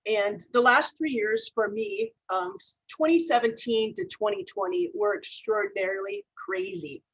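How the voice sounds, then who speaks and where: A woman's voice: medium pitch, measured pace, husky, dull audio. A woman speaker from Minnesota giving a motivational talk, telling personal stories earnestly and laughing at her own mistakes. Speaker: keynote speaker.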